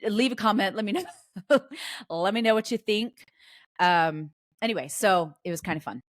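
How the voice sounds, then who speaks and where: A woman's voice: mid-range voice, normal speed, no room sound, studio quality. A woman in her forties hosting a homeschooling podcast, chatting casually and animatedly, laughing and restarting her sentences. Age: 40s. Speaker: podcast host. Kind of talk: casual solo podcast chat.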